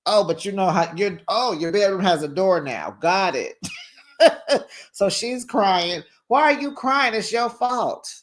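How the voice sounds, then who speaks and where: A host giving a sassy, gossipy recap of a reality show, animated and quick to laugh, with casual slang like "honey" and "child.". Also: mid-range voice.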